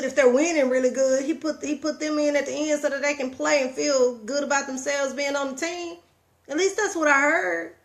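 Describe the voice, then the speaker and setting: Animated motivational woman, a bit high. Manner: folksy, preachy, animated storytelling. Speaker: motivational vlogger. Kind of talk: casual motivational talk.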